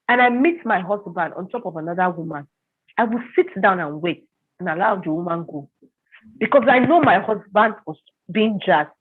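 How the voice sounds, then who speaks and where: A woman's voice: medium pitch, breathy edge. Tinny-sounding woman telling her story. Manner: vivid storytelling, acting out quoted voices. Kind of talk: personal testimony in an interview.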